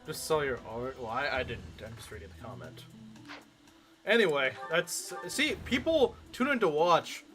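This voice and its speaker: A man's voice: fairly high pitch, animated, moderate pace, over music. A man streaming a game, chatting casually and arguing as he answers chat comments.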